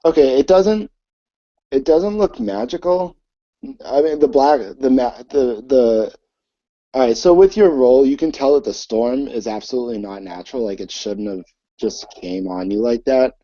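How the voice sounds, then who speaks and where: A man narrating a tabletop game as game master, halting and full of fillers. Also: medium pitch, dark tone, no echo. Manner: hesitant, many fillers. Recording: dull lo-fi recording.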